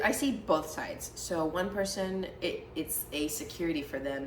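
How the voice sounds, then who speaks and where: A young woman with a lowish voice talks through relationship questions in a loose, chatty way, opinionated and quick to laugh. She sits back from the mic, so her voice carries a roomy echo with faint room noise behind it. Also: far from the mic. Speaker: podcast co-host. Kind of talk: casual chat.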